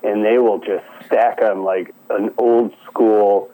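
Relaxed low-voiced man on the phone. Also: slow pace, rough recording. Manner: relaxed, easygoing, hesitant fillers. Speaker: forest preserve guest on phone. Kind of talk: phone-in interview. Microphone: phone line.

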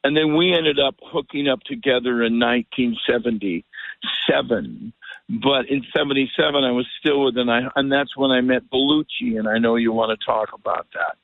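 A man's voice: mid-range voice, moderate pace, vocal fry, no room sound. An older man, a musician guest, telling a rambling story over the phone and acting out what people said. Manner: rambling, animated storyteller who acts out quotes. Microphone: telephone. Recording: tinny phone line, dry.

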